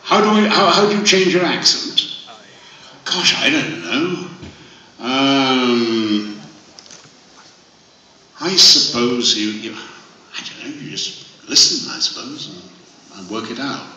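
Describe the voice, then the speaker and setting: A man's voice: mid-range voice, lively intonation, slow, pauses often, bright, forceful tone. An older man from Wales answering fan questions at a convention panel, genial, rambling and self-deprecating. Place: large convention hall. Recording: echoey hall, distant mic.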